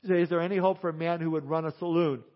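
Brief: preacher playing a desperate, guilt-stricken man, higher voice, muffled lo-fi recording. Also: steady tone, quick pace, lightly acted. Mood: pleading. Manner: pleading, raised and emphatic. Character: remorseful grown man, gambler and saloon keeper, pleading. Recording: dull lo-fi sound.

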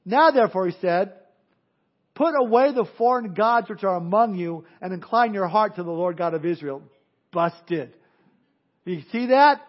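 High-voiced animated male pastor. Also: normal speed, muffled recording. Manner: animated, acts out crowd voices, drops to hushed earnest tones. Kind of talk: sermon.

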